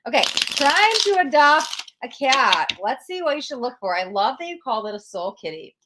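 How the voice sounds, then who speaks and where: A woman's voice: high-pitched, big pitch swings, moderate pace, background noise. A young woman hosting a live-stream tarot reading, emotional and gushing as she talks straight to her viewers.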